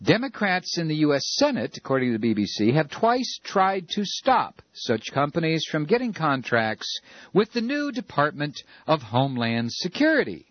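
A man's voice: a little high, big pitch swings, moderate pace, dry recording, highs cut off. A man hosting a talk radio show, ranting sarcastically and rambling with many fillers. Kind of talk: opinionated talk radio monologue.

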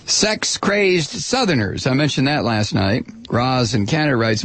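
A man's voice: mid-range voice, very animated, unhurried, few pauses, a bit bright, no room sound. A man hosting a talk radio show, delivering a sarcastic, combative opinion monologue.

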